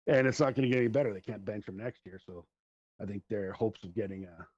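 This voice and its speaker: Deep husky-voiced man rambling. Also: fast, darkish tone, no echo. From Central Alberta, Canada. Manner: rambling, laughs through his stories. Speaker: podcast host. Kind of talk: casual chat, rambling storytelling. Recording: dull lo-fi recording.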